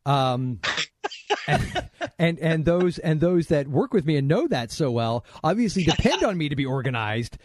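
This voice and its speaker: A man's voice: fairly high pitch, very animated, a little slow, no echo, studio quality. A man hosting a podcast, joking and rambling as he teases his guests. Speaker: podcast host. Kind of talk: casual podcast banter.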